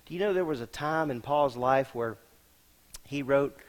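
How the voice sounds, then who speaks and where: A man preaching a sermon as senior pastor, emphatic and talking straight to the congregation, dropping from loud to hushed. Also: medium pitch, moderate pace. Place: church sanctuary. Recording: long reverb of a large hall.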